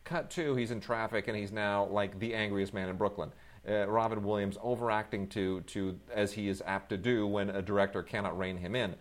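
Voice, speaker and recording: A middle-aged man reviewing films in casual chat, rambling with many fillers and restarts, breaking into animated outbursts. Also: fairly low pitch, moderate pace. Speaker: film reviewer, co-host.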